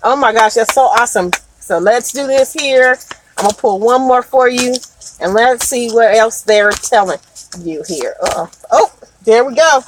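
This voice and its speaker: A woman's voice: fairly high pitch, moderate pace, background noise. A woman doing a live oracle card reading, talking in an emphatic, repetitive way and often laughing. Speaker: card reader.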